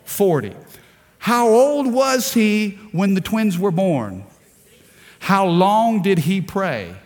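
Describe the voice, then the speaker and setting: A man's voice: high-pitched, very animated, takes it slowly, darkish tone, big-room sound. A man preaching a fervent sermon, repeating words and asking the congregation rhetorical questions. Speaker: pastor. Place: large church hall.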